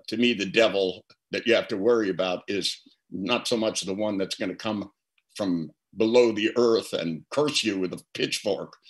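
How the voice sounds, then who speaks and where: A man's voice: fairly low pitch, a bit bright, low-quality recording. An older man speaking as a guest therapist, telling reflective stories in an interview and often repeating words as he starts a thought. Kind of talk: storytelling interview answer.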